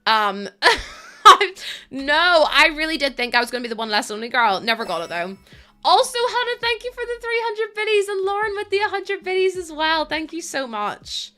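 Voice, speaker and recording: A woman's voice: very high voice, sing-song, moderate pace, bright, forceful tone, faint music behind. A young woman streaming a game, chatting casually with her chat, thanking viewers and laughing often.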